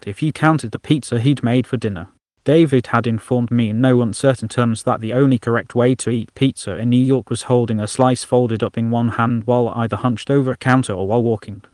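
A male storyteller with a mid-range voice and steady, measured delivery. The read is dry and close, with no room around it. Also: medium pitch, dry recording. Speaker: narrator. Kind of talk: storybook narration.

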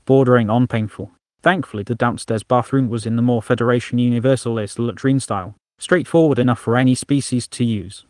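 A man narrates a science fiction story in a wry, deadpan storyteller's way. His voice sits at a middling pitch. The recording is dry with no room sound. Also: dry recording.

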